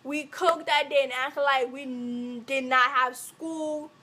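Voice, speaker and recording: A woman's voice: high voice, slow. A young woman from Africa, a vlogger telling a storytime tale, acting out the quotes as she goes. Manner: animated, acts out every quote. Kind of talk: storytime vlog.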